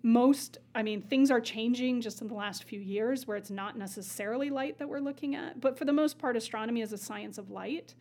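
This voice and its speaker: A woman's voice: fairly high pitch, a little fast, few pauses, a little mellow. A woman astronomer guiding an interview, explaining enthusiastically and patiently with many fillers. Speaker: astronomer guide. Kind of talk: conversational explaining.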